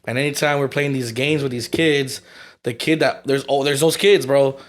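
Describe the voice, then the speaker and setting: A man's voice: mid-range voice, steady tone, moderate pace. A young man co-hosting a casual podcast chat, telling stories in loose slang and swearing freely. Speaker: podcast co-host.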